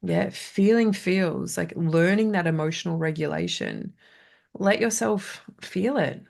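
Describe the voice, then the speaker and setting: A woman's voice: on the low side, a little slow, creaky, darkish tone. A woman, teaching a casual coaching masterclass in a chatty way, often checking in with "right?". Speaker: trauma coach.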